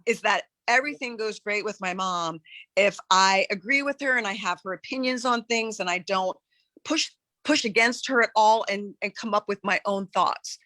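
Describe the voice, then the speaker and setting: A woman on a live coaching call, talking in an earnest, searching way with many halting restarts. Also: medium pitch, bright, forceful tone, no room sound. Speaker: coaching client.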